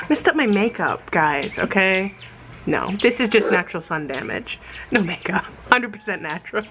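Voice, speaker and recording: Chatty American woman vlogging about rescue dogs. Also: background noise. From United States. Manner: chatty, switches to high baby talk with puppies. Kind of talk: casual vlog talk. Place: animal shelter, outdoors.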